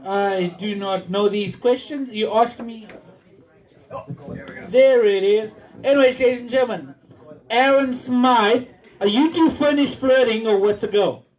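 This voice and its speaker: A man's voice: very high-pitched, a little mellow, rough recording. A man with an Australian accent as MC at a comedy night, teasing and introducing acts. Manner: joking, teasing banter.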